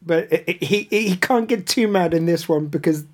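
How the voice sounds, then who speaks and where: A woman's voice: lowish voice, normal speed. A woman, co-hosting a podcast and recapping a TV episode with laughing, teasing banter. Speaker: podcast co-host. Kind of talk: casual chat recapping a TV episode.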